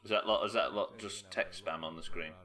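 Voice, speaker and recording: A man's voice: sits low, fairly quick, sharp tone. A young man streaming a game live, swearing freely and answering his chat as he works through tasks. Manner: swears often, talks to chat, frustrated outbursts. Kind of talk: live gameplay commentary.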